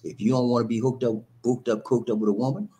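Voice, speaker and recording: A man's voice: medium pitch, fast. A man hosting a casual live stream, greeting viewers by name, chanting and rhyming, and laughing at his own jokes. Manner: animated, shout-outs to viewers, chanting and rhyming.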